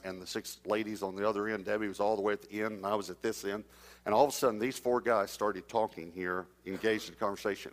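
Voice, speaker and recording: A middle-aged man preaching, telling a personal story and acting out the dialogue, sometimes dropping to a hush. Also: fairly low pitch. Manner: anecdotal, acts out dialogue, drops to a hush for suspense. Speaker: traveling preacher. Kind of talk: storytelling sermon.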